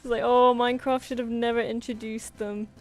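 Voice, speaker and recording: A woman's voice: on the high side, little pitch movement, brisk, a little mellow. A young woman chatting casually on a drawing stream, telling anecdotes with frequent laughs and acted-out quotes. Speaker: artist streaming live commissions.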